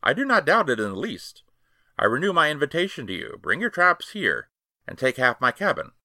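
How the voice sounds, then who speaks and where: A man's voice: fairly high pitch, huge pitch swings, a little fast, pushed and bright, dry recording, studio quality, voice pushed up, full character voice. A man voicing a blunt, stubborn ship's surgeon who talks curtly and firmly, a little triumphant, in a raised voice. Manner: curt, firm, a bit triumphant.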